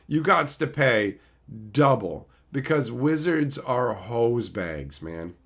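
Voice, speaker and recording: A man's voice: mid-range voice, lively intonation, slow, fairly bright tone. A middle-aged man ranting casually on a livestream, reading chat and mocking commenters, with frequent swearing. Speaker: streamer reading live chat.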